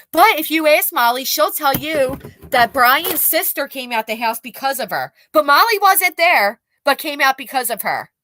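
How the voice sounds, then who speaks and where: A woman's voice: on the high side, bright, forceful tone, no echo. A woman hosting a livestream, commenting bluntly and angrily with profanity while reading out chat messages. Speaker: commentary channel host.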